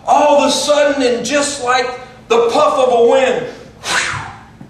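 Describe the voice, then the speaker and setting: A man preaching a dramatic storytelling sermon, swinging from shouted peaks down to hushed, breathy near-whispers. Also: very high-pitched, steady tone, measured pace, distant mic, slight background noise. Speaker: pastor. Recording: very echoey room, picked up from afar.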